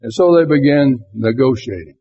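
A man's voice: medium pitch, moderate pace, dark tone, a little hiss or hum. A man teaching a Bible class in a conversational way, asking his listeners rhetorical questions. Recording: tinny phone-like lo-fi recording.

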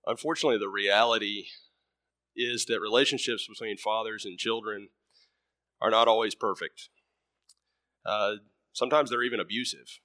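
A man's voice: fairly low pitch, steady tone, moderate pace, pauses often, bright, forceful tone, dry recording, clean studio sound. A man preaching a sermon in a conversational way, full of ums and uhs, who tells a story and lightly acts out its voices.

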